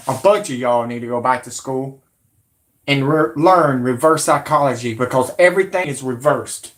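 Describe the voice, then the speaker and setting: A man's voice: mid-range voice, normal speed. A man, a channel host ranting angrily at his viewers, swearing and combative. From Alabama, USA. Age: 40s. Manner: profane, combative, shouting at viewers. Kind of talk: angry ranting monologue.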